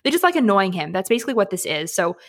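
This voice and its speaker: A woman's voice: mid-range voice, big pitch swings, rapid-fire. Chatty young woman, laughing often. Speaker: podcast co-host. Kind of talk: casual chat.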